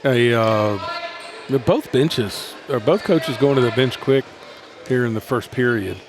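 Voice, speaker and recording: A man's voice: medium pitch, over music. Man calling basketball play-by-play. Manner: steady running call with quick self-corrections. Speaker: play-by-play announcer. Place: high school gym. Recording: gym ambience and ball bounces.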